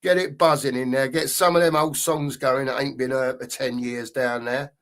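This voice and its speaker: A man's voice: mid-range voice, steady tone, normal speed, fairly bright tone. A middle-aged man hosting a casual live football stream, reading out chat and greeting viewers in a matey way.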